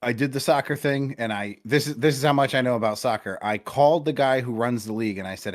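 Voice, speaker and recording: A man's voice: mid-range voice, fast talker, few pauses. A man co-hosting a podcast over a call, rambling about sports in a profane, self-deprecating way. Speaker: podcast co-host. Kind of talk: casual sports chat. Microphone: remote call connection.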